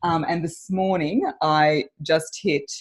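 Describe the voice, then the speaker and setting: An Australian woman, a voice coach, chatting as an interview guest and telling her story in an animated way with frequent laughs. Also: low voice, slow pace. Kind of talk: casual interview chat.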